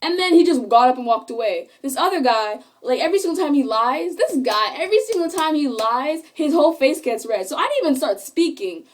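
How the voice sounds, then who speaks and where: Teen girl vlogger, high-pitched, emphatic and indignant, phone-recorded. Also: lively intonation, fairly quick, hardly any pauses, a little hiss or hum. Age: late teens. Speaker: high school student. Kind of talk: impassioned vlog rant. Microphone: phone camera.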